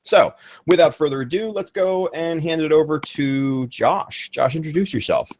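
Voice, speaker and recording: A man's voice: a little high, normal speed, darkish tone, a little hiss or hum. A man co-hosting a casual live hobby talk show, joking and rambling with fillers. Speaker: co-host. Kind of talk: casual livestream chat.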